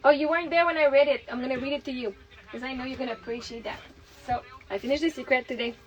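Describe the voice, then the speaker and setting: A woman with a high voice talks loosely to her camera at home. Her speech wanders, with fillers and restarts, like a mother sharing her day. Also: steady tone, fast talker, dull audio. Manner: chatty, rambling, with many fillers. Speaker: mother and vlogger. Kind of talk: casual home vlog chat. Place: home kitchen.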